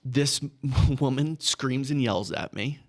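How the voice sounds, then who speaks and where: A man's voice: medium pitch, animated, takes it slowly. A man from Texas casually telling a story as a podcast guest. He chuckles through his anecdotes and keeps checking in with "right?". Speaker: podcast guest, business owner.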